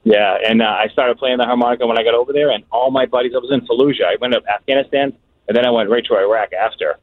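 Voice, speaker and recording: A man, calling a radio show and telling a story in a lively, laughing way. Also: mid-range voice, fast, no echo. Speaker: caller. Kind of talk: phone-in storytelling. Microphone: phone. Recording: tinny phone line.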